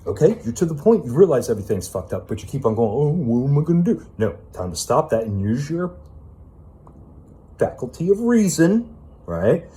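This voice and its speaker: Warm and sing-song at a normal speed, this medium-pitched man gives an unscripted self-help rant. Emphatic profanity and fillers like "man" and "you know" run throughout.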